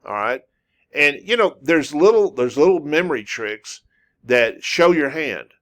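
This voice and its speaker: A man's voice: on the high side, sing-song, a little slow, a bit bright. A man teaching a language lesson, patiently repeating words and sounds over and over. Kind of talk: slow, repetitive language lesson.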